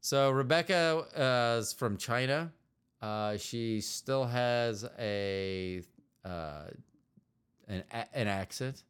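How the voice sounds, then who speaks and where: A man co-hosting a casual podcast with his partner, his voice smooth and resonant at an ordinary middle pitch. He rambles through stories with restarts and jokes at his own expense. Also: takes it slowly, fairly bright tone. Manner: rambling, self-deprecating and joking, with many restarts. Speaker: podcast co-host.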